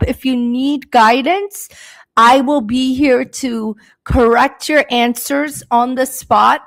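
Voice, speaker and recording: Young woman, English teacher hosting a live class; slightly high voice, speaks slowly and clearly for learners. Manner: slow, deliberate, encouraging teaching delivery. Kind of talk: live-stream lesson.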